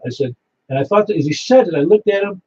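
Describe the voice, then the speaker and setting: High-pitched, animated, and quick, this net control operator from Niagara Falls, New York, sounds a little mellow as he runs a ham radio net. He's chatty and full of stories with an easy laugh, and the muffled lo-fi audio carries a little hiss or hum.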